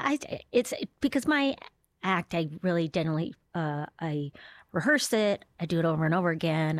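Playful soft-spoken Minnesotan woman. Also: low-pitched, dry recording. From Duluth, Minnesota. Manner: soft-spoken, playful, slips into little impressions. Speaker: comedian guest. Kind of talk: casual interview chat.

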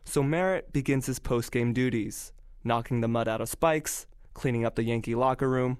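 A man's voice: medium pitch, normal speed, darkish tone, smooth, no echo, clean studio sound. A man narrating a radio story in a playful, wry scripted style.

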